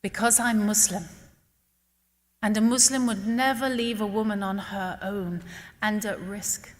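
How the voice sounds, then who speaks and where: A man's voice: sits high, fairly even intonation, measured pace, long reverb tail. A woman putting on a jubilant male taxi driver. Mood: calm, matter-of-fact. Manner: effusive, loud and blessing-filled. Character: kind male taxi driver, warm, devout.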